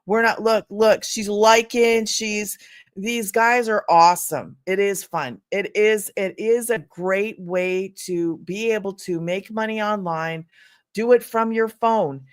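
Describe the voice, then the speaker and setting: An older woman hosting a casual livestream, chatty and excitable, greeting viewers by name and laughing often. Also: mid-range voice, takes it slowly. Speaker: livestream host selling online business programs.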